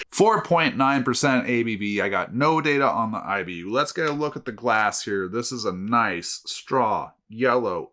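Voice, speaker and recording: A man's voice: mid-range voice, pushed and bright. A man hosting a casual beer review show, telling jokes with dry, self-mocking humor.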